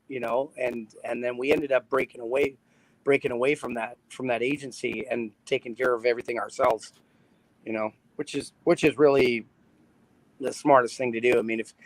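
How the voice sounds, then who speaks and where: A man's voice: medium pitch, brisk, no room sound, low-quality recording. A man from Canada, a guest on a podcast, talking casually about his band with many restarts and laughs. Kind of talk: casual chat.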